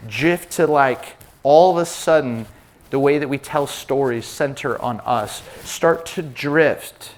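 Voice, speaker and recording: Guy preaching, kinda high-ish voice, tells funny stories and does the voices. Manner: animated storyteller, acts out quoted voices. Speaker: pastor. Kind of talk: preaching to pastors with personal stories.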